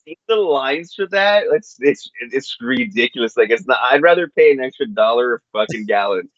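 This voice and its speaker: A man co-hosting a podcast in casual chat, swearing freely and making blunt, deadpan asides. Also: medium pitch, moderate pace, no room sound. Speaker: podcast co-host. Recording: slightly dull lo-fi mic.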